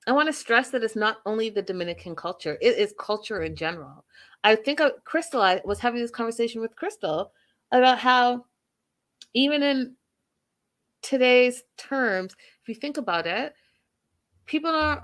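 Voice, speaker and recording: A woman's voice: on the high side, moderate pace, a bit bright. Emphatic woman recapping a TV show. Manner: emphatic, with rhetorical questions and repetition. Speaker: host.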